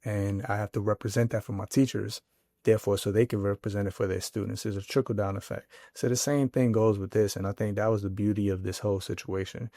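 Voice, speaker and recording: A man's voice: fairly low pitch, flat delivery, fast, dark tone, no echo, studio quality. A man who is an author and educator, speaking as a podcast guest in a reflective way and often repeating words as he thinks. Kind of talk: reflective interview talk.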